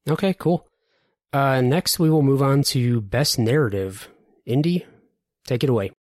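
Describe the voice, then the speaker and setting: A man's voice: mid-range voice, measured pace, dry recording, studio quality. A man hosting a casual podcast, talking eagerly about video game performances and handing turns to the others. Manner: animated, enthusiastic, hands off turns. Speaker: podcast host. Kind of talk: casual game awards chat.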